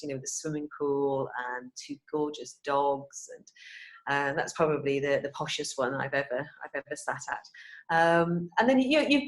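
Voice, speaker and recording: A Welsh woman with a slightly low voice, chatting freely on a video call. She laughs often and lets her sentences fade to a soft, quiet finish. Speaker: experienced housesitter. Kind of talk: casual group video chat.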